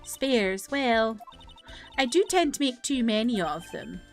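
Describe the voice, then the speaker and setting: A woman's voice: on the high side, lively intonation, slow pace, soft background music. A woman putting on a folksy old nun with a put-on Canadian accent. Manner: put-on Canadian-style accent, called terrible by the performer. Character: fussy elderly nun witness, folksy and flustered.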